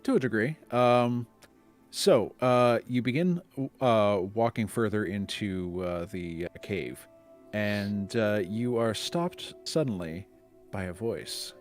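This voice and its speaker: A man narrating a tabletop game as game master over a video call, pausing often with uh fillers. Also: lowish voice, faint music behind. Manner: halting narration full of uh fillers.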